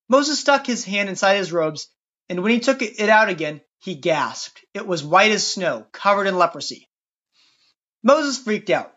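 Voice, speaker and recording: A podcast narrator telling a Bible story in a wry, lively scripted way, on a dull lo-fi recording. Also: medium pitch, measured pace.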